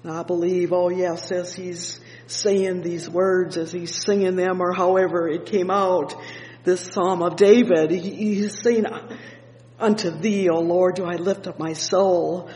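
A man preaching an evening sermon, explaining a psalm with fervent interjections of "oh yes" and "praise the Lord", reading scripture slowly and deliberately. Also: high voice, darkish tone, slight background noise. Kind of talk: evening sermon, Bible exposition. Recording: echoey hall with long reverb.

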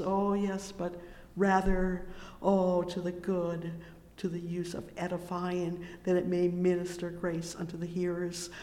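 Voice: medium pitch, a little mellow. A preacher delivering a sermon, reading scripture and breaking in often with fervent cries of praise between verses. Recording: echoey reverberant hall.

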